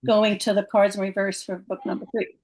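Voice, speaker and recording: Female podcast host, friendly, brief questions, mid-pitched voice. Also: little pitch movement, a little fast, a little mellow, low-quality recording. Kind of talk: casual interview.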